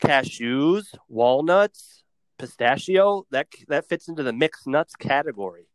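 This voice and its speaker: A man's voice: a little high, lively intonation, unhurried, smooth, dry recording. A man co-hosting a casual podcast, teasing his friends and rambling through his picks. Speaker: podcast co-host.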